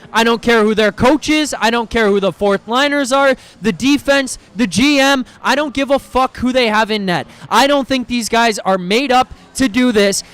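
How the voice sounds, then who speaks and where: A man's voice: very high voice, a bit bright. A man hosting a live post-game reaction stream, ranting in a heated, profane, exasperated way, often stumbling over his words as he restarts.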